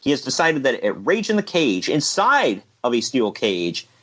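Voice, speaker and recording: A man's voice: mid-range voice, sing-song, normal speed, a bit bright. Easygoing man recapping wrestling matches. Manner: easygoing, laughs at his own bits, occasional uh fillers. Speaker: show host recapping a figure wrestling league. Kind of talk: casual play-by-play recap.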